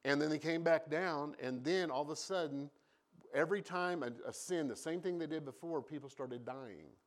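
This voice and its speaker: A man's voice: fairly high pitch, moderate pace. A man preaching a sermon, telling Bible stories with humorous asides and acting out the voices of the people in them. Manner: animated storytelling with acted-out voices. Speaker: pastor.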